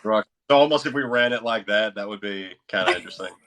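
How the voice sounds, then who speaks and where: A man's voice: on the low side, quick pace, bright, forceful tone. A man with a Southern American accent, a guest voice narrator chatting in a laid-back, modest way with many fillers. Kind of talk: livestream chat.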